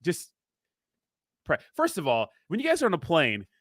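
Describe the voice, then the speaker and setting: A man's voice: on the high side, wildly swooping pitch, normal speed, a bit bright, no echo, clean studio sound. Joking man hosting a livestream. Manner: rambling, joking, reads chat aloud. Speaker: crypto livestream host. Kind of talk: casual livestream chat.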